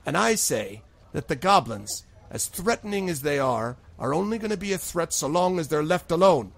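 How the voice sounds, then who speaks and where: A woman's voice: deep voice, big pitch swings, normal speed, creaky, pitched above the performer's own voice, heavily acted. A man voicing a stern, scolding middle-aged woman who is a village constable. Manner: curt, scolding.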